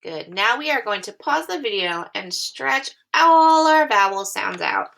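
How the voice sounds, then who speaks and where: A woman teacher giving a phonics lesson to young children, speaking slowly and clearly in a sing-song way. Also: on the high side, expressive, fairly bright tone.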